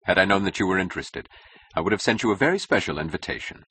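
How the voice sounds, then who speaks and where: A man playing a smooth, condescending middle-aged intellectual who speaks in a suave, patronizing way. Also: sits low, animated, quick pace, bright, forceful tone, no room sound, full character voice.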